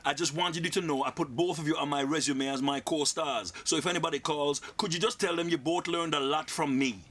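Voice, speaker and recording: A man's voice: on the high side, steady tone, a little fast, a bit bright, a little hiss or hum. A man playing a cheeky comic sidekick, earnest and interrupting.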